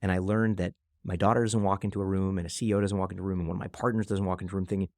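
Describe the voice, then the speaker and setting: Fast-talking gravelly man, animated storyteller. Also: sits low, no room sound, clean studio sound. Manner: fast, animated storyteller who acts out quotes. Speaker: guest, venture investor. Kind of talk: conversational podcast interview.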